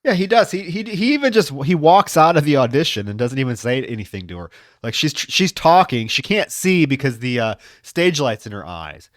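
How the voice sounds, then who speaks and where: A man's voice: on the high side, sing-song, normal speed, dry recording, studio quality. A man on a podcast panel, casually retelling a film's plot with lots of filler words. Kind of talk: casual film discussion.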